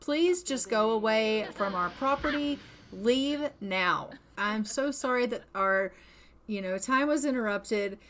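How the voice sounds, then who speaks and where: A woman's voice: on the high side, takes it slowly, fairly bright tone, slight background noise. Chatty woman narrating a life-sim game. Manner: chatty, full of "like" and "oh my God". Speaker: gameplay narrator. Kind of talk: casual let's-play narration.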